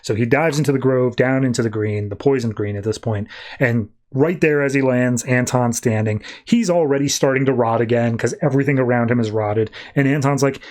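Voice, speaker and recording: A man on a podcast retelling a comic book issue in a casual, animated way, briefly slipping into the characters' lines. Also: mid-range voice. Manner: animated retelling with quick quoted voices. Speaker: podcast host.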